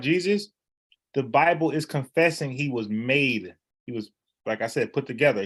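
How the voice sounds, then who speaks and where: A man, debating and explaining a Bible word in casual, animated talk, often restarting his phrases. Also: medium pitch. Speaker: online Bible teacher.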